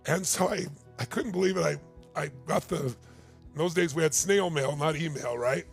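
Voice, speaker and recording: A man's voice: fairly high pitch, normal speed, soft background music. A man in his sixties, a motivational speaker telling a story in a keynote talk, emphatic and building to urgent appeals. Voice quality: gravelly.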